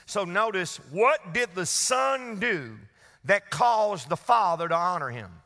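A man preaching a Wednesday sermon, his high voice carrying over a congregation he calls on to answer him. His tone is bright and forceful, and a long reverb from the church hall trails each phrase. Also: expressive, unhurried. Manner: preaching to a congregation, call-and-response. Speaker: pastor.

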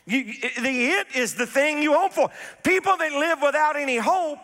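A man's voice: very high-pitched, expressive, normal speed, bright, forceful tone. A man preaching a sermon as pastor, emphatic, with repeated phrases and call-and-response to his congregation. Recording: reverberant hall.

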